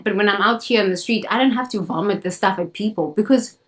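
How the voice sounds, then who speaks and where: A woman's voice: mid-range voice, fast, hardly any pauses, soft background music, low-quality recording. Fiery woman preaching self-help. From South Africa. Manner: emphatic, blunt and fiery, with swearing and repetition. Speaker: spiritual coach. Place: outdoors in bright sun.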